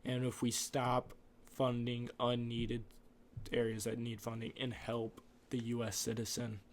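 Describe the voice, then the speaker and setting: A man's voice: medium pitch, completely flat delivery, a little slow, slight background noise. Rambling male podcast host. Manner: rambling, off-script, opinionated. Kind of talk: casual monologue.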